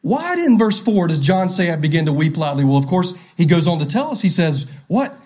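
A man's voice: on the high side, very animated, fairly quick, a little mellow. A male pastor preaching a sermon, asking rhetorical questions and repeating key phrases.

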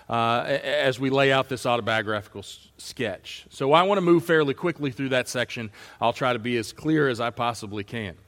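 Earnest preacher in a reverberant church. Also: male voice, on the high side, fairly bright tone. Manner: earnest, builds to emphatic rhetorical questions. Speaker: pastor. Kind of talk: expository sermon. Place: church sanctuary. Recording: long hall reverb.

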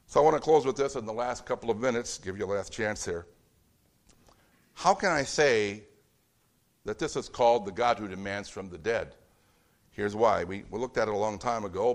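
A man's voice: fairly low pitch, a bit bright. A man preaching a sermon in a conversational, storytelling way, acting out bits of dialogue in different voices. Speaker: pastor.

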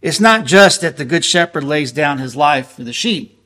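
A man preaching a sermon in an earnest, emphatic way, slowing down to stress quoted scripture. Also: on the high side, lively intonation, bright, forceful tone.

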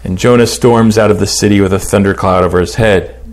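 A man teaching a Bible lesson, reading scripture aloud and commenting on it with lively emphasis. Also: fairly low pitch, fairly quick.

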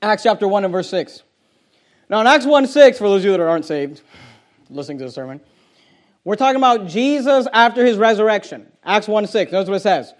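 Pastor, male, strikingly high pitch; emphatic, combative pulpit delivery that drives points home by repetition. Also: animated, fairly quick. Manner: emphatic and confrontational, repeats key phrases. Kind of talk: sermon.

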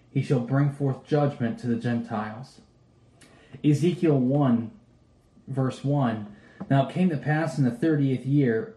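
A man's voice: mid-range voice, dark tone, echoey room, low-quality recording. A man preaching a sermon, reading Bible verses aloud and then calling his listeners to be saved.

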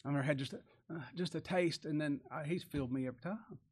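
A man's voice: fairly high pitch, quick pace, a little mellow, slightly rough. A man preaching a folksy sermon, often asking rhetorical tag questions and chuckling.

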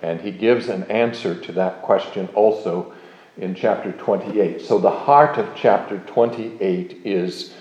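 Slow, low-voiced man teaching scripture. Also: a little mellow, echoey room, muffled recording. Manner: measured, emphatic reading of scripture. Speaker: Bible teacher. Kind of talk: expository Bible lecture.

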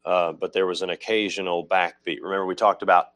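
A man's voice: low voice, flat delivery, fairly quick, few pauses, fairly bright tone. A man preaching a teaching sermon about music, explaining patiently, repeating himself and correcting his own slips as he goes. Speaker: pastor.

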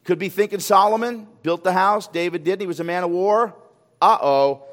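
A man preaching a sermon as a pastor, animated, firing rhetorical questions and repeating words when he gets excited. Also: high voice, normal speed. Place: church sanctuary. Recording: long hall reverb.

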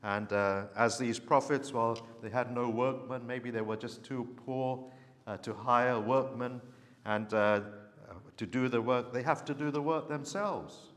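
Man, preacher, sermon, earnest storytelling, mid-range pitch, long reverb. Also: fairly even intonation, a little slow, a bit bright.

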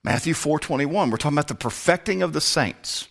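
A male pastor teaching from scripture in a relaxed, conversational way, explaining each step of his study. His pitch moves a lot, rising high when he gets excited. He drops into low muttered asides now and then. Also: fairly quick, gravelly. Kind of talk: Bible teaching sermon.

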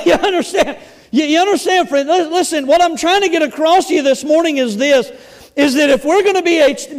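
A pastor preaching a sermon, emphatic, repeating words and stressing key phrases slowly and loudly. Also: male voice, very high voice. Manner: emphatic, repeats words, shifts between loud bursts and slow stresses.

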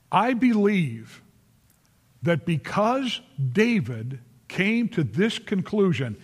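Earnest preacher, slow and emphatic. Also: male voice, sits high. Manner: earnest, emphatic, repeats phrases for stress; addresses listeners directly by name. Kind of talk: sermon. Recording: long reverb of a large hall.

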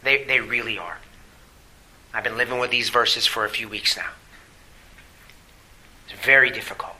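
A male pastor delivering a sermon, reading scripture aloud and asking the congregation rhetorical questions, swinging from emphatic to hushed. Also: mid-range voice, normal speed, rough recording. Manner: emphatic preaching with rhetorical questions, drops to quiet asides.

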